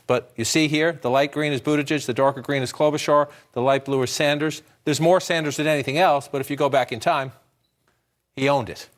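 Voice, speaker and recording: A man giving live election-night analysis at a map in a TV news studio, explaining briskly and thinking aloud with quick restarts. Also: fairly high pitch, fairly even intonation.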